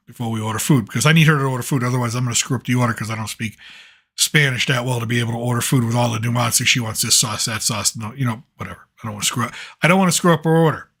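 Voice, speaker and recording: A middle-aged man tells a story to his viewers at a mid pitch. He talks in a loose, heated way and keeps stopping and starting over as he pushes through the tale. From United States. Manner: animated, agitated retelling with frequent restarts. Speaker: channel host. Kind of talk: casual storytelling monologue.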